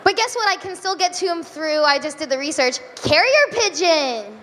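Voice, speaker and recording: This high-voiced young woman performs a stand-up set in a comedy club, laughing at herself and giggling between long, deadpan side remarks. Recorded live, the audio carries reverb and a faint hum of the room.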